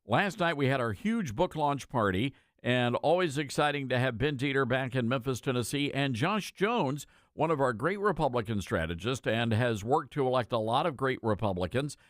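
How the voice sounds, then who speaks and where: Male talk radio host, casual and folksy, mid-pitched, dead-dry studio mic. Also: lively intonation, dry recording. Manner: casual, folksy, halting with fillers. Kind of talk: conservative talk radio chat.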